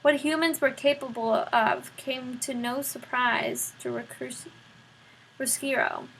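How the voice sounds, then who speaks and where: A woman reading a children's novel aloud, expressive and speaking straight to the listener. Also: high voice, slow, gravelly, breathy edge, poor audio. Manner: expressive, addresses the listener directly. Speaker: storybook reader.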